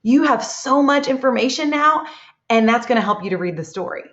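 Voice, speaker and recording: A woman teacher leads young children through a reading lesson, praising and encouraging them often. Her voice is fairly high and lively, and she speaks fairly quickly. The room is echoey and the sound dull.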